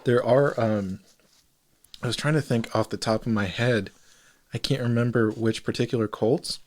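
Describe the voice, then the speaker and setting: A man co-hosting a casual podcast, talking in a rambling, hesitant way with many pauses and ums. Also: medium pitch, fairly even intonation. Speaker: podcast co-host. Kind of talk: casual chat.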